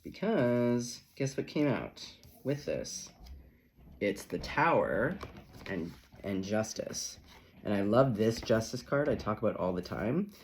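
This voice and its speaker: A man's voice: on the low side, big pitch swings, takes it slowly, slight background noise. A man giving a casual tarot reading in a sassy, chatty, profane manner. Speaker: tarot reader.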